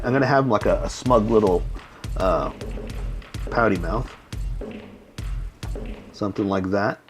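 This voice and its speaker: A man narrating each stroke of a step-by-step drawing lesson, rambling a little with many pauses and fillers. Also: on the low side. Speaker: drawing instructor. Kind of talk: casual step-by-step drawing tutorial.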